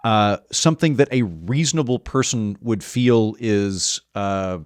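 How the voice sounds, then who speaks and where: A man hosting a podcast interview who talks in a chatty, animated, opinionated way. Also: fairly low pitch, unhurried, clean tone, no room sound, studio quality. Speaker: podcast host. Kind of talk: conversational interview.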